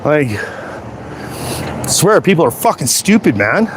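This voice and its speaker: Brief: high-voiced Canadian guy ranting hard, swearing nonstop, faint traffic behind. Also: very animated, a little slow. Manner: profane, heated, repetitive. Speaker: vlogger. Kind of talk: angry political rant.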